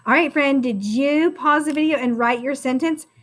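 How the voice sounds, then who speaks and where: A woman teaching a recorded first-grade phonics lesson, speaking slowly and encouragingly and calling the viewer friend. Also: high voice.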